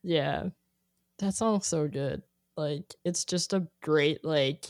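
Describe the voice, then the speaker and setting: A young adult woman chatting casually, rambling and filling her speech with "like", growing animated when she quotes herself. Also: sits low, takes it slowly, dry recording, clean studio sound. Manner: rambling, heavy use of "like", animated when quoting. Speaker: guest sharing a playlist. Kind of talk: casual chat.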